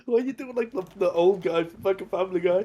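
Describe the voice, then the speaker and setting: A man with a notably high voice, chatting with friends over a game. He giggles often and keeps coming back to a silly running joke. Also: quick pace, warm tone. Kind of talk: casual gaming chat with friends.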